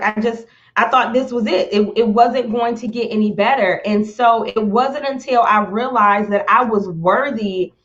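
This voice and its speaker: Woman on a live stream, talking slow and emotional, a bit muffled. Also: on the high side. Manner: slow, emotional, close to tears, repeats words. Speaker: motivational speaker on a live stream. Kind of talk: heartfelt live-stream talk.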